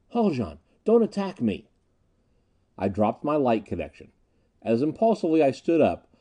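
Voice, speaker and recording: A man giving a dramatic, expressive audiobook narration. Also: mid-range voice.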